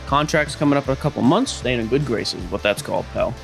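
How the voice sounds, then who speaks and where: A man's voice: mid-range voice, animated, fast, vocal fry, faint music behind. A man co-hosting a podcast in casual chat, teasing and wisecracking with his partner. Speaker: podcast co-host.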